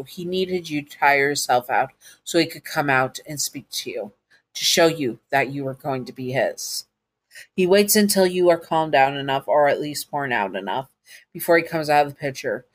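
A woman narrating a second-person audio story to the listener, with casual asides. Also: low voice.

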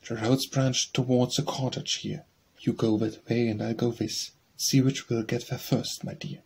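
A man reading as a sly, hungry male wolf in a storybook poem, with a low, hushed, sly delivery and a very raspy voice. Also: little pitch movement, moderate pace.

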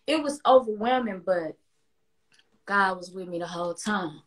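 A young woman with a Southern US accent, a singer being interviewed, speaking haltingly and emotionally with frequent restarts. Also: mid-range voice. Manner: halting, emotional, laughs often. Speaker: guest singer.

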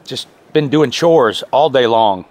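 A man's voice: medium pitch, lively intonation, slow pace, a little mellow. A man chatting cheerfully to the camera while camping in snowy woods. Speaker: outdoor vlogger. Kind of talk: casual narration to camera. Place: snowy woods campsite outdoors.

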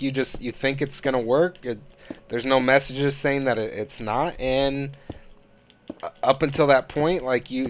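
Annoyed gamer dude rambling and cussing over his let's play, normal mid voice. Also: medium pitch. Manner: frustrated, rambling, swears a lot. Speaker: gaming channel host. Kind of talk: casual let's-play commentary.

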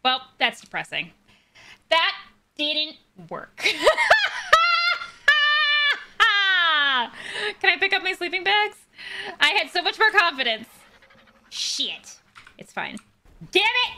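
A young woman playing a video game and commenting on it, chatty and animated, jumping between high squeals and low mutters and cooing at the creatures on screen. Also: measured pace, pauses often, background noise. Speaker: gaming streamer. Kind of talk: let's play commentary.

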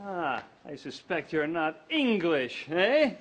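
An actor playing a pompous, bumbling police detective in a sitcom for English learners, speaking slowly and theatrically. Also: male voice, on the high side, very animated, fairly bright tone, slight background noise, heavily acted. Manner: slow, theatrical, self-important.

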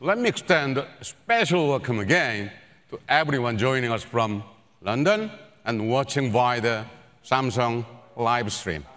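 A man presenting at a product launch keynote on a large auditorium stage, in a measured, formal stage delivery. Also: mid-range voice, expressive, fairly bright tone. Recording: echoey auditorium with long reverb.

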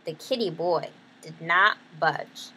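A woman's voice: lowish voice, takes it slowly, pushed and bright, slight background noise, poor audio. A woman reading a picture book aloud, chatty, stopping to explain the story in her own words. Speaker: reader.

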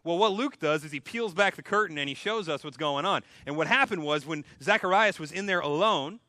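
Casting: a male pastor with a high, bright voice, casual humorous sermon delivery. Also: a little fast, dry recording. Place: church.

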